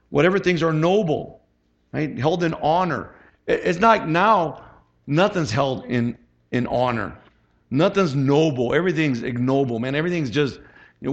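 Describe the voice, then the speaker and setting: A gravelly, slightly high-voiced middle-aged man preaching as a pastor, talking to the congregation like a chat and calling for amens. The recording sounds dull and lo-fi. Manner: chatty, asks the congregation for amens. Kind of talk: conversational sermon.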